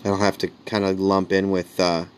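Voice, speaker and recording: A comedian talks alone into his podcast mic in a low voice, wandering from jokes to earnest thoughts. The talk stays casual and rambling. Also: level tone, normal speed, a little mellow, slight background noise. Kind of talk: casual solo monologue.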